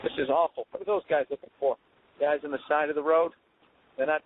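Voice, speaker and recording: A man's voice: a little high, steady tone, a little fast, slight background noise. A man hosting a podcast, riffing alone in a profane, sarcastic ramble while he drives. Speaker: podcast host. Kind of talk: rambling solo monologue. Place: in a car while driving. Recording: tinny phone-like sound.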